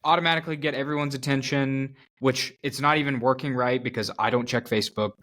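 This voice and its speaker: A man in his late twenties talks through his views on a podcast in a reasoned, earnest way. His voice sits at an ordinary mid pitch. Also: fairly even intonation, fast, a bit bright. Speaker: podcast co-host. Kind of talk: casual chat.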